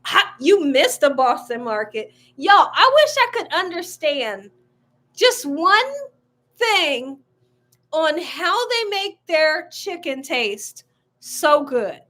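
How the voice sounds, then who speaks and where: Female host, live cooking stream from home; high, bright, chatty, quick to laugh. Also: big pitch swings. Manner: chatty, laughs often, reads out viewer comments. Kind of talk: casual live-stream chat. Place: at home, window open.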